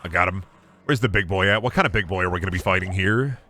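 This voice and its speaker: A gaming streamer with a deep, bright, forceful voice talks quickly over a slight hiss or hum. He jokes and swears while playing and answering chat, often laughing in exasperation as he keeps up livestream commentary.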